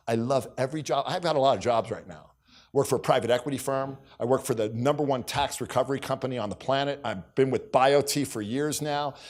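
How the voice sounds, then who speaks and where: A middle-aged man giving a motivational keynote on a conference stage, telling stories and acting out bits of dialogue. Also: mid-range voice. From United States. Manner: storytelling, acts out dialogue, repeats catchphrases. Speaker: keynote speaker.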